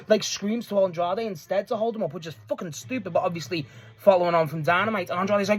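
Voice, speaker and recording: A man with a notably high-pitched voice recaps a wrestling match in loose, casual talk. He rambles from one moment to the next, restarts often, laughs readily and swears freely. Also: fast, husky, no echo. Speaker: wrestling fan reviewer.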